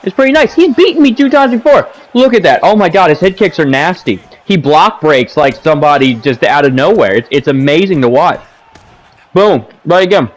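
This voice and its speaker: Animated ranting man commenting on gameplay. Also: fairly quick, low-quality recording. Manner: animated, ranting, repeats himself, says boom a lot. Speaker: gaming commentator. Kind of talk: casual commentary over gameplay footage. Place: home gaming setup, seated.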